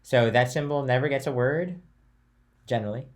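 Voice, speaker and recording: A young man teaching a chant class in a relaxed, chatty way, switching between talk and sung note names and phrases. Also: mid-range voice, normal speed.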